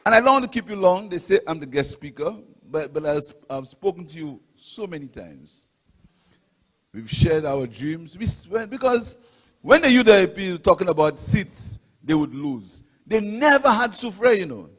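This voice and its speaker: A man's voice: high-pitched, sing-song, moderate pace, a bit bright, big-room sound. A middle-aged man from Saint Lucia with a Saint Lucian accent, giving an impassioned rally speech as guest speaker with repetition and swings of emphasis. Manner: impassioned, repetitive oratory with rising and falling emphasis.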